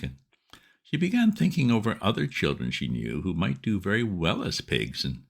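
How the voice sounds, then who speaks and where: A man reading a classic storybook aloud as narrator, lively and expressive. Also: low-pitched, moderate pace, creaky.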